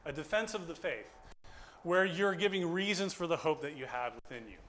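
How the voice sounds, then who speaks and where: Man, bright-voiced philosophy lecturer, animated and chatty with a small group, acts out both sides of a story. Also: on the high side, moderate pace, a little hiss or hum. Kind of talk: informal classroom lecture. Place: small group gathering indoors.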